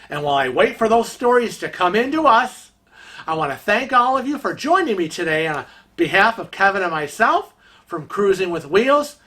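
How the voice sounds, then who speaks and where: A man's voice: high voice, pushed and bright. A man hosting a travel vlog, telling gossipy anecdotes in a casual, chatty way. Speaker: vlog host. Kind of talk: casual storytelling.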